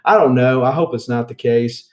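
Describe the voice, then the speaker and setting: A man's voice: mid-range voice, normal speed, darkish tone. A man with a Southern US accent hosting a comic book show, rambling casually with lots of fillers and wry jokes. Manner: rambling, with many fillers and restarts; opinionated and joking. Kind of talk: casual chat.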